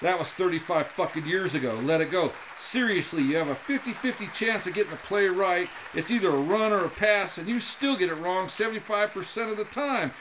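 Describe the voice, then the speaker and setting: A man voicing a gruff, short-tempered game show contestant with an accent, grumbling low and breaking into angry rants. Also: fairly quick, few pauses, background noise, close to an everyday voice.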